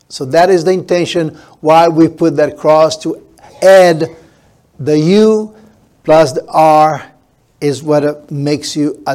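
Slow, deliberate preaching man. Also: fairly high pitch, darkish tone. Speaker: pastor. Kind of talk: sermon.

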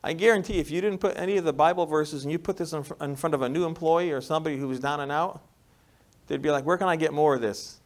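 A man with a New York accent preaching a sermon in a conversational way, often checking in with "right?" and moving between loud emphasis and quiet, soft passages. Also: on the high side, fairly even intonation, fast talker. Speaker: pastor.

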